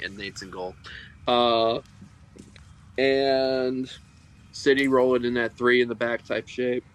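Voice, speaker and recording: A man's voice: fairly low pitch, fairly bright tone, poor audio. A man hosting a casual sports podcast, rambling through long sentences and steering the talk with questions to his co-hosts. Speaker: podcast host.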